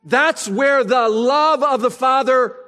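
A male pastor preaching a sermon, asking rhetorical questions and pausing for effect, slowing down to stress key phrases. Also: very high voice, sharp tone. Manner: expository preaching, rhetorical questions, dramatic pauses.

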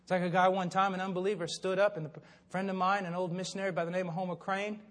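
In a large church hall whose reverb lingers long after each word, an older man preaches a fervent sermon through passionate storytelling. He talks fast in a level tone, his voice pitched high for a man.

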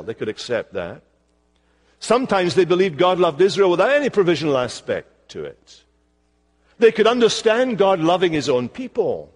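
An older man with a Scottish accent preaching a sermon in a church, slowing down to stress his key words. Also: on the high side. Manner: expressive preaching, slowing for emphasis. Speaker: pastor. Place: church sanctuary. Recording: long church reverb.

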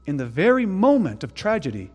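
A man preaching a sermon in an earnest way, dropping to hushed tones and rising to sudden loud emphasis. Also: a little high, huge pitch swings, a little fast, long reverb tail. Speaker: pastor.

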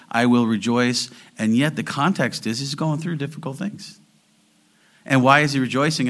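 Bright-voiced middle-aged male pastor. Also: mid-range voice. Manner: breaks into singing the verse; chatty and joking with the congregation. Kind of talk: sermon.

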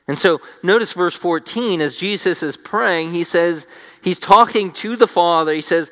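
Male pastor, sermon delivery, emphatic repetition; sharp, bright tone with long hall reverb. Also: on the high side, a little slow. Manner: emphatic, restating each point in repeated phrases. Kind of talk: expository sermon.

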